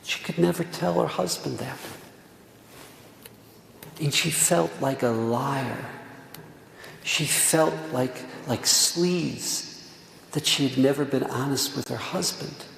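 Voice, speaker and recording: Gravelly middle-aged rabbi preaching, repeats himself for emphasis, echoey synagogue hall. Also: male voice, mid-range voice, takes it slowly, long pauses, a bit bright. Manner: earnest storytelling, repeats words for emphasis, drops to near whisper. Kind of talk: Tisha B'Av sermon with stories. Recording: echoey hall, faint room noise.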